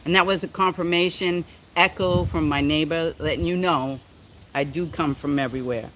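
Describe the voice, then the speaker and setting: Playful, theatrical man with a slightly high voice. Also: a bit bright, slight background noise. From United States. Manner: playful and theatrical, self-styled diva, chuckles often; slow and halting when reading comments, many ums. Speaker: livestream host. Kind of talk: casual livestream chat, reading viewer comments.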